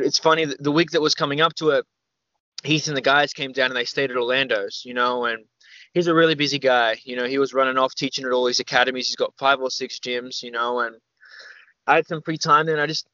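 A man's voice: mid-range voice, pushed and bright, dry recording. A young man, a podcast guest, telling stories in a loose, rambling way, full of "like" and "man". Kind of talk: casual storytelling interview. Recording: slightly dull, dry recording.

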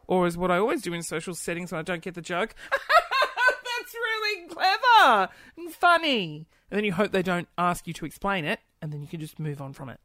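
A woman with a lowish voice talks very fast, barely pausing, with no echo. She hosts a casual livestream as a chatty, playful host, giggling, gasping and tossing in little asides while she reads viewer comments aloud.

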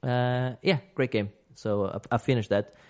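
A man's voice: medium pitch, steady tone, a little slow, darkish tone. A man hosting a casual games podcast, talking at length, restarting sentences and laughing easily. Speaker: podcast host.

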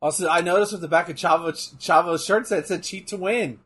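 A man co-hosting a casual watch-along chat, excitable and profane, shouting out his reactions. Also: fairly high pitch, fast talker, slightly rough. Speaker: co-host.

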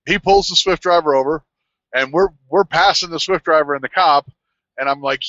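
A man's voice: a little high, a little fast, no echo, lo-fi sound. Man rambling through a road story. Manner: animated, rambling anecdote with restarts. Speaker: truck driver. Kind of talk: casual storytelling.

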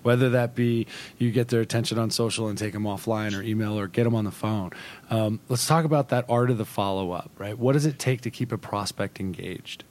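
Man, podcast host, lowish voice, conversational, rambling questions. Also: brisk, darkish tone. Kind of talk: podcast interview.

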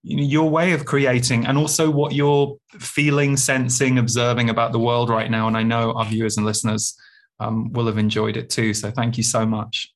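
Speaking at a moderate pace in a medium pitch that barely moves, a man hosts a spiritual podcast. He comes across as reflective and thoughtful in this relaxed interview conversation, frequently starting his sentences over.

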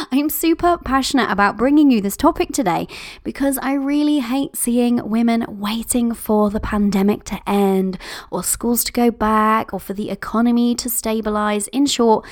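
A woman's voice: a little high, a little mellow. A woman hosting a podcast as a business coach, bubbly and gushing, laughing often and calling listeners "my love". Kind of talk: upbeat podcast monologue.

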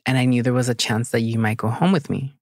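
A woman's voice: very deep voice, steady tone, quick pace, darkish tone, no echo, studio quality. A woman, asking questions in a direct, determined way. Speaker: older sister, interviewer. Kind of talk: conversational interview.

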